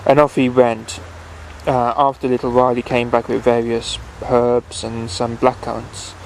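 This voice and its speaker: A man reads a bedtime story aloud in a gravelly, fairly flat voice, stumbling and restarting as he goes. Faint traffic noise carries behind him. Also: mid-range voice, normal speed, poor audio. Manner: unpolished reading with restarts and fillers. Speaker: reader.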